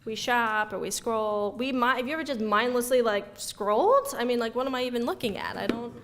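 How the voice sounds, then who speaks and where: A woman giving an energetic, conversational talk to an audience, acting out everyday reactions as she goes. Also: fairly high pitch, brisk. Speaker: speaker giving a talk on youth mental health. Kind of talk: lively lecture to an audience. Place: event room before an audience.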